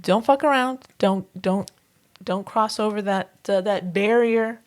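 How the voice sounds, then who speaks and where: A woman's voice: mid-range voice, unhurried. A woman co-hosting a podcast in casual chat, easygoing and playful, laughing along with her co-host.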